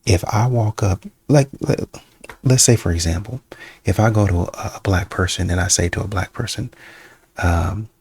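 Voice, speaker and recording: A man with a low, gravelly, slightly husky voice talks straight to his viewers in loose, casual commentary. He sometimes drops into quick impressions to quote people. The sound is dry and close, with little room around it. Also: darkish tone, dry recording. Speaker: reaction video host.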